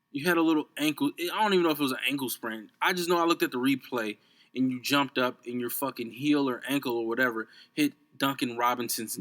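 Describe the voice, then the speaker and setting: A man's voice: mid-range voice, a bit bright. A young man from Chicago hosting a podcast, ranting about sports in a heated, profane way and repeating himself. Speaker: podcast host. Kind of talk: unscripted sports rant.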